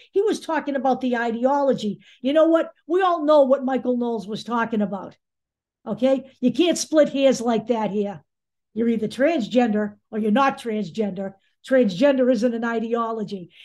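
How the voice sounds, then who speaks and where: Brief: woman commentator, high voice, angry and sarcastic, blunt and profane delivery. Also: darkish tone. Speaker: political commentary host. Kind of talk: opinion commentary monologue.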